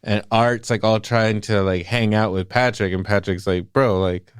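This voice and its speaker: A man's voice: on the low side, normal speed, smooth, no echo, clean studio sound. A man co-hosting a casual movie podcast, talking in a loose, profane way and acting out the characters' lines with energy. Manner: animated, profane, acts out quotes. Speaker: podcast co-host.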